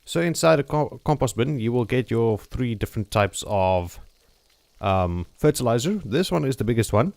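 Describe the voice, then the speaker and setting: This gameplay channel host has a medium-pitched, darkish voice with some vocal fry, delivered expressively at normal speed with no echo. In casual commentary, he jokes and chats while walking through his building plans step by step, often checking in with "okay?"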